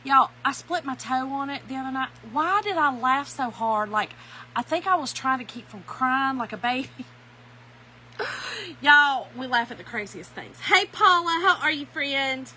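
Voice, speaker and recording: A woman's voice: high voice, moderate pace, sharp tone, slight background noise, rough recording. A middle-aged woman, hosting a casual craft livestream from home, greeting viewers by name and laughing often.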